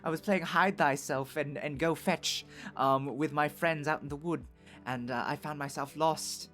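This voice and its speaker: A man's voice: on the high side, expressive, normal speed, fairly bright tone, faint music behind. A man voicing a lost young boy of noble birth who stumbles flustered over his words and then puffs himself up with self-importance.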